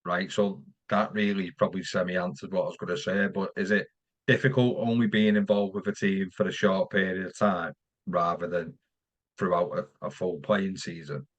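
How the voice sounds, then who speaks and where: A male interview host who asks his questions in a chummy, easygoing way and keeps calling his guest "mate". His voice sits fairly low. The recording sounds somewhat dull and muffled. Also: steady tone, normal speed. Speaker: podcast host.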